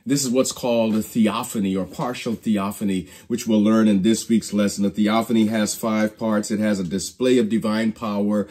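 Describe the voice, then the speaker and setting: Male Bible teacher, preacherly storyteller, dark and slightly husky, restarts phrases. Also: on the low side, fairly even intonation, moderate pace, hardly any pauses. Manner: preacherly storytelling, acts out quoted lines. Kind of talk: Bible study lesson.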